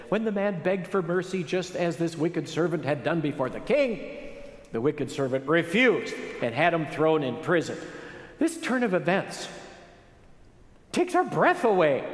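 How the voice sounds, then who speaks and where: High-voiced man preaching in echoey hall. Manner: animated preaching with rising emphatic phrases. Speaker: pastor. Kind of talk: sermon. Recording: echoey hall with long reverb.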